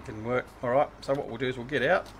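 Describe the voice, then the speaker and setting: A man's voice: medium pitch, fairly even intonation, quick pace, highs cut off, a little hiss or hum. Chatty man hosting a gaming stream. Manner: chatty, teasing, thinking aloud while playing. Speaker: livestream host. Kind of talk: casual gaming livestream chat.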